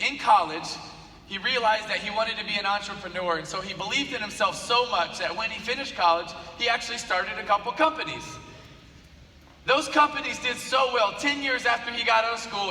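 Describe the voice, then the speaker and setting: A man's voice: high-pitched, a little hiss or hum. A man giving a motivational speech, telling a story with lots of repetition for emphasis. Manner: animated storyteller, repeats phrases for emphasis. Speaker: speaker. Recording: echoey hall, from far off, faint ambience.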